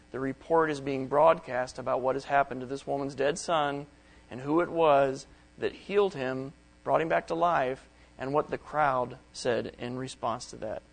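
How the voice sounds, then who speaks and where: Reading Bible verses aloud and unpacking them plainly, a middle-aged man delivers a study sermon in a gravelly, mid-range voice. The sound quality is poor.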